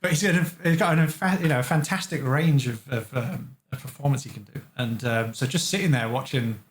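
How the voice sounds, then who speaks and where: A man from England who designs games, telling lively studio stories as an interview guest and acting out the voices of the people he quotes. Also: mid-range voice, brisk, slight background noise. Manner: animated storyteller, acts out quotes. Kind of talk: casual interview chat. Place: living room.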